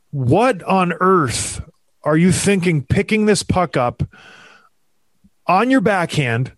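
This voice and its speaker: A man's voice: sits high, no echo. Exasperated man ranting about hockey. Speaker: hockey podcast host. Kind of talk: heated sports commentary chat.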